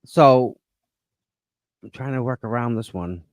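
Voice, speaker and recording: A laid-back man with a Boston accent co-hosts a casual livestream, teasing his guest now and then. His voice is at a middle pitch, and the recording is dry and close, with no room sound. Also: measured pace, dry recording. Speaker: co-host.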